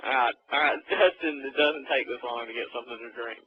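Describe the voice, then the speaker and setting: A man's voice: mid-range voice, fast talker, breathy edge. A man co-hosting a casual podcast, joking and teasing the others. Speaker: podcast co-host. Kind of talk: casual chat. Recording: muffled audio with faint hiss.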